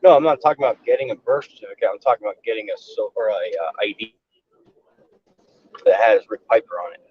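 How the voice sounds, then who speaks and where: A man with an animated voice that swings up and down as he teases and jokes. His voice comes through dull and lo-fi. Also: fairly low pitch, fast talker, slightly rough, dry recording. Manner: teasing, incredulous. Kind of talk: casual live-stream chat. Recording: dull lo-fi recording.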